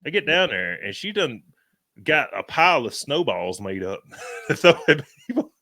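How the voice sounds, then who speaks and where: A man's voice: medium pitch, moderate pace, dry recording. Drawling man telling stories. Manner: animated storyteller, rural Southern slang. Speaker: podcast co-host. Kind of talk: casual storytelling chat.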